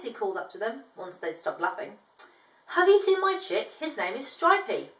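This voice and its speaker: Woman, storybook reader, fairly high voice, animated, chatty asides, echoey room, a little far from the mic. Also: normal speed. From from outside Australia, now living there. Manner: animated, voices dialogue with higher pitch, chatty explanations to a child. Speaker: storyteller reading a picture book. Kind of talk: children's picture book read-aloud with asides.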